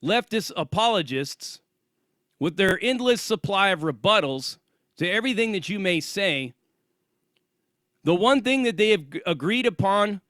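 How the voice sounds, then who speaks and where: A man's voice: sits high, animated, unhurried, a bit bright, dry recording, studio quality. A man hosting his own channel, delivering an angry, profane and sarcastic ranting monologue. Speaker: channel host.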